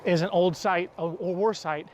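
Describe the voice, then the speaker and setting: A faint hum sits beneath this outdoor travel vlog, where an American man with a high, steady, somewhat dark voice speaks at normal speed. He chats casually to camera, rambling and correcting himself with light laughs, a bit short of breath.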